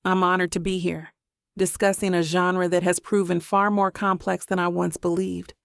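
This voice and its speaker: A woman voicing a polite, guarded male professor who speaks in a measured, careful way. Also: on the low side, little pitch movement, gravelly, no room sound, clean studio sound. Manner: measured and careful, slightly nervous.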